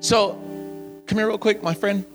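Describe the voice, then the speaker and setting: High-voiced man preaching over music. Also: unhurried. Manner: animated, joking, calls people up on stage. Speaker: camp speaker. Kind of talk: storytelling sermon with crowd banter. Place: camp gathering, live audience. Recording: clear music playing behind the voice.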